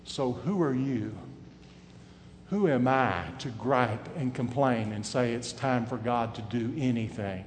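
A man preaching a sermon, his voice swinging from loud and emphatic to quiet and hushed. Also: medium pitch, takes it slowly, long reverb tail, slight background noise.

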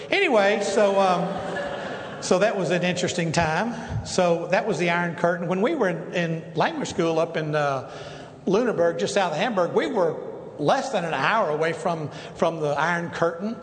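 A man's voice: fairly high pitch, moderate pace. A middle-aged male pastor telling rambling stories in a sermon, full of restarts and asides. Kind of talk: sermon storytelling. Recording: echoey hall with long reverb, faint noise.

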